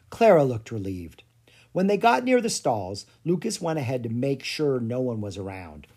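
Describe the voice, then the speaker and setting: An expressive storybook narrator with a pitch that swoops and lifts all through the reading. The tone is soft and breathy, with a mid-range voice. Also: moderate pace. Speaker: audiobook narrator.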